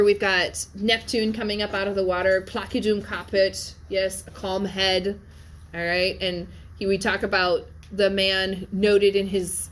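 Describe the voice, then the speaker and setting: A woman's voice: mid-range voice, a little hiss or hum. Chatty woman teaching a class. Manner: conversational, keeps checking in with "yes?" and "okay?". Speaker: Latin teacher. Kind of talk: classroom lecture with discussion.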